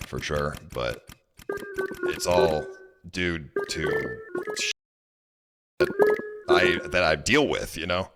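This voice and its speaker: A man with a very deep, low voice rambles through a story to his stream, exasperated and stopping to restart his sentences. Loud music plays clearly behind him. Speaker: livestreamer. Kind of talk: casual storytelling to chat.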